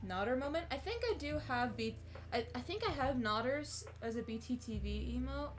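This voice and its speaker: A woman's voice: on the high side, animated, normal speed, soft background music. A young woman chatting casually on a live stream before reading fan fiction, giggly and full of fillers and restarts, on a cheap streaming mic. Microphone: cheap streaming mic on a laptop.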